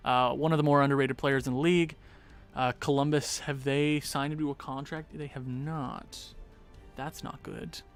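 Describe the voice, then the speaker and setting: A young man hosting a gaming livestream, rambling casually and chatting to viewers in quick asides. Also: medium pitch, steady tone, soft background music.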